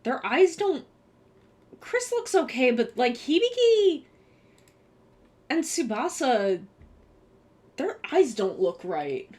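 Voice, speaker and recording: A young adult woman chatting casually on a live stream, excitable and swearing, with bursts of gushing. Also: sits high, takes it slowly, long pauses.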